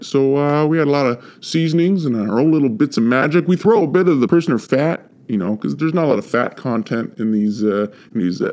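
A man's voice: medium pitch, a little mellow, muffled recording, lightly acted. An actor playing a sleazy male butcher who sells human meat, with casual, rambling salesman patter. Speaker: shopkeeper.

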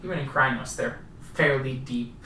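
A man narrating a tabletop horror game as storyteller, setting scenes slowly and with atmosphere. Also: medium pitch, bright, forceful tone, slight background noise. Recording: roomy, distant mic.

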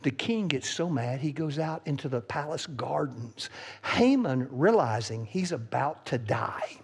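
A man preaching a sermon, retelling a story with animated voices for its characters. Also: mid-range voice, measured pace, gravelly, slightly rough. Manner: animated, acts out the characters' lines. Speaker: pastor.

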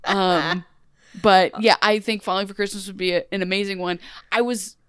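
A young woman co-hosting a podcast in a loose, animated, rambling way, often breaking into laughter. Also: mid-range voice, moderate pace, smooth, no echo, clean studio sound. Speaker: podcast co-host. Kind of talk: casual podcast chat.

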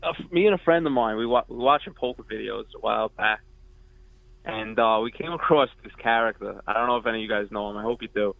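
A man's voice: lowish voice, fast talker, no echo. A man calling in to a radio show, asking a question in a casual, hesitant, stumbling way over the phone. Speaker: caller. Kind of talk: call-in question. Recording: gravelly phone line.

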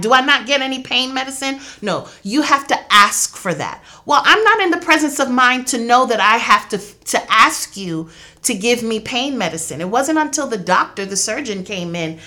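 Bright-voiced woman telling her loss. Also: medium pitch, normal speed. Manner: earnest, intense, reenacts dialogue. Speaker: interview guest, grieving mother. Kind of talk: emotional personal testimony.

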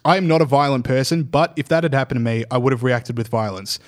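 A man's voice: medium pitch, steady tone, fast talker. A young Australian man co-hosting a casual podcast chat, wry and rambling, with lots of "like" and "uh". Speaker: podcast co-host.

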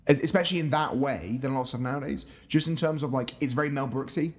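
A man's voice: medium pitch, fast. A man co-hosting a casual film review chat, thinking aloud with many restarts and hedges. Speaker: podcast co-host.

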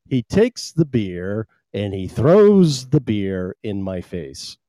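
A man hosting a podcast in casual chat, an animated storyteller who laughs often. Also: on the low side, slow, no echo. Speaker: podcast host.

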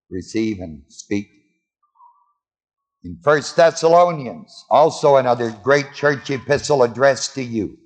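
A man preaching a sermon, quizzing his congregation with call-and-response questions. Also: mid-range voice. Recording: long hall reverb.

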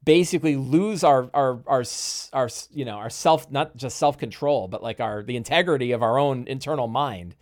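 A man's voice: medium pitch, moderate pace, few pauses. A man hosting a casual podcast conversation, telling game stories animatedly with many restarts. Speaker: podcast host and game master.

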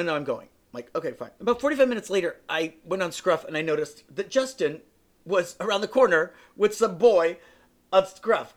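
Male podcast host, slightly high voice, animated candid storyteller who acts out quotes and swears freely. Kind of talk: candid personal storytelling monologue.

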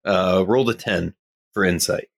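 A man's voice: low-pitched, normal speed, gravelly, no room sound, studio quality. A man playing a tabletop game, easygoing and describing what he sees. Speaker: player. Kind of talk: casual tabletop play.

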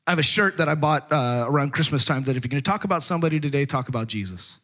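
A man's voice: a little high, lively intonation, rapid-fire, fairly bright tone. A man from Texas, preaching a sermon in a joking, conversational way full of rhetorical questions. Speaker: pastor.

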